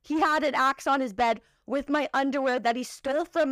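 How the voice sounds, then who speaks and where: A young woman hosting a podcast, telling a personal story in an animated, emotional, profane way. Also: high voice, normal speed, few pauses, heavy background noise. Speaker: podcast host.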